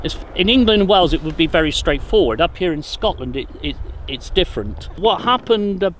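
Man, slightly high voice, musing guide, pauses and restarts, outdoor noise behind. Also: lively intonation. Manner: thoughtful, hesitant, knowledgeable. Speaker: paddling trip guide. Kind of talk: casual outdoor explanation. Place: outdoors by a river.

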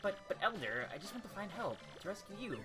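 Imagine a timid young creature boy who pleads and whines in a soft, higher voice, as a streamer plays him. His pitch wanders around quite a bit. Game music plays clearly behind him. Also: very animated, fast talker, lightly acted. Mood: pleading. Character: meek young male creature, whiny.

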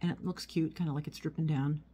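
A woman's voice: low voice, steady tone, quick pace, warm tone, a little hiss or hum. A woman chatting casually as she unboxes and shows a haul of small items at home, rambling as she goes. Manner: chatty, rambling, talks while handling items. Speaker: vlogger. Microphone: phone. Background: crinkling packaging.

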